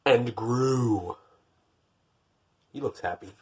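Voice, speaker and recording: A man reading a picture book aloud, lifting his voice for the narration and dropping to wry, deadpan jokes in between. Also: extremely slow, a little hiss or hum. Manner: wry, deadpan joking asides; rises for narration, drops low for asides. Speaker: podcast host.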